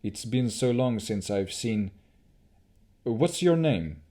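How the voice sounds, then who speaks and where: A man's voice: mid-range voice, expressive, takes it slowly, mellow. A man reading an audiobook, voicing a grave male elf leader who speaks solemnly and apologetically.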